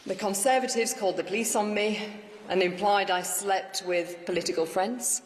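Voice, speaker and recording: Woman giving a rousing speech in an echoey hall. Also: mid-range voice. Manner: rousing, emphatic, declarative. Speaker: newly elected mayor giving victory speech. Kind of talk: political victory speech. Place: large hall with audience. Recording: echoey hall with faint ambience.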